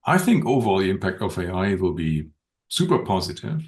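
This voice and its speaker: Low-voiced man, thoughtful podcast guest. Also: very animated, a little mellow. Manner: thoughtful, measured, frequent ums and restarts. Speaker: podcast guest, open-source community director. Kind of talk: unscripted podcast conversation.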